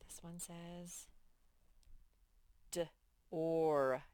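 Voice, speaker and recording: A woman's voice: on the low side, slow pace, pauses often, a little mellow, no echo. A woman teaching sight words to young children, patiently stretching out the sounds of each word. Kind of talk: reading lesson for young children.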